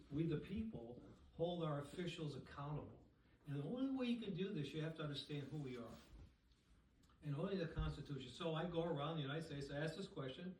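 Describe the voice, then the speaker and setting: A man with a fairly high voice gives an animated talk at a dinner, putting questions to the crowd. He stands well back from the microphone in an echoey room. A soft hiss sits behind him. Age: middle-aged or older. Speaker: speaker at a society dinner. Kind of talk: public talk to a dinner audience. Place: banquet room with audience. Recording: echoey room, speaker far from mic.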